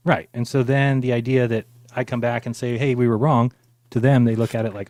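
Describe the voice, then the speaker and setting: A man chatting as a guest on a live stream, quick and laughing, explaining in quick asides. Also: mid-range voice, fairly even intonation, a little mellow. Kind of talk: casual live-stream chat.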